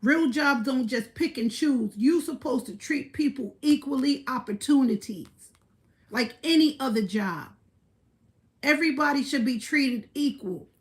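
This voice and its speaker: Brief: woman livestreamer, slightly high voice, slow and deliberate, blunt and profane, boastful. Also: expressive. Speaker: livestream host. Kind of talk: casual livestream rant.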